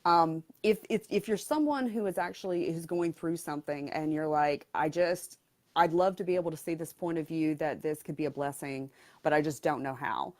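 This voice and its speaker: A woman's voice: deep voice, normal speed, darkish tone. A middle-aged woman coach speaking candidly as an interview guest, frank and blunt with touches of humor.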